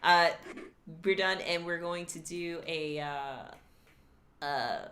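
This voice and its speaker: A woman's voice: fairly low pitch, drawn-out words, a bit bright. A woman serving as game master, narrating and wrapping up a tabletop game session over a voice call, rambling and reassuring with many fillers.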